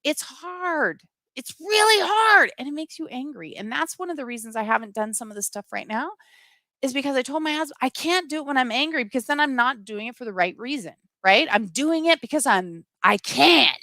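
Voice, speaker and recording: Middle-aged woman, livestream host, impassioned and earnest, slightly high voice. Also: animated, fairly quick, sharp tone, no echo. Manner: earnest, impassioned, reads out viewer comments. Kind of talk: live-streamed personal talk to viewers.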